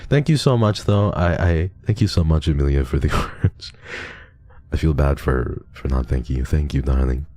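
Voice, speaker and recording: A young man streaming and reading donations in a casual chat, soft and affectionate, sometimes teasing his viewers. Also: rumbling low, moderate pace, no echo.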